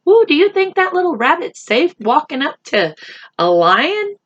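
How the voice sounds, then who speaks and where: A woman teacher reading a picture book aloud to children, expressive and stopping to count along with them. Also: high voice, normal speed, dull audio. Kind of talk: read-aloud storytime.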